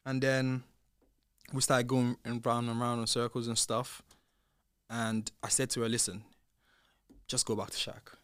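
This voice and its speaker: Speaking a little slowly with long pauses, a young British man at medium pitch tells stories on a podcast, his tone clean and free of echo. A former reality show contestant, he animatedly acts out the dialogue he quotes, rising loud in the heated parts of this casual chat.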